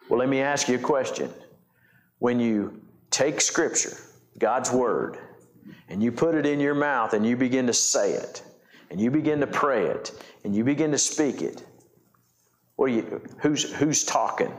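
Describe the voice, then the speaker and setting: A man's voice: medium pitch, unhurried. Preaching man in an echoey church. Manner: repeats and restarts phrases, asks the congregation questions. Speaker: pastor. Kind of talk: sermon.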